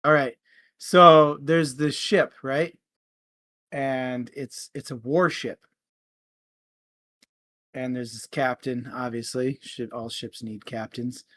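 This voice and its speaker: Bright, playful male co-host. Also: mid-range voice, takes it slowly, long pauses, no echo. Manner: animated, playful storyteller. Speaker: podcast co-host. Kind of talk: casual chat.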